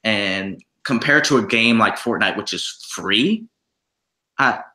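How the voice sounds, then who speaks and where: A man's voice: on the low side, lively intonation, slow pace, pushed and bright, reverberant. A man co-hosting a podcast, chatting casually about video games, rambling and repeating himself as he rants. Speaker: podcast co-host.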